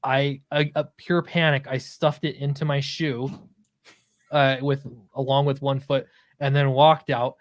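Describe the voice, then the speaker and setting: A man with a mid-pitched voice tells an embarrassing story on a podcast, laughing at himself and stumbling over restarts. His voice is recorded close and dry. The chat is casual and loose. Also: level tone, no room sound. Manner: self-deprecating, laughing, halting restarts. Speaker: podcast co-host.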